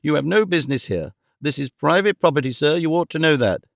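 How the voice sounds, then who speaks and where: A man's voice: fairly high pitch, expressive, brisk, gravelly, no room sound, studio quality. A man voicing a flustered, easily offended genteel mother in an audiobook reading. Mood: indignant. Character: flustered genteel middle-aged mother, indignant.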